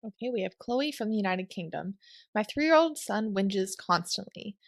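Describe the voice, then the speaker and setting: Woman, gravelly voice, reading listener questions, plain and steady, dry close sound. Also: medium pitch, moderate pace, no room sound.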